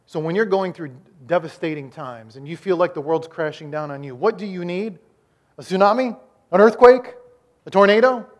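A man preaching a sermon as the pastor, swinging between loud emphasis and quiet, slowed-down lines, often repeating and restarting words. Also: high-pitched. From Iowa, United States.

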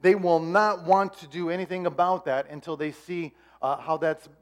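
A middle-aged man preaching a conversational sermon, acting out little dialogues and dropping to hushed tones for quoted voices. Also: on the high side, fairly even intonation, moderate pace. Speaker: pastor.

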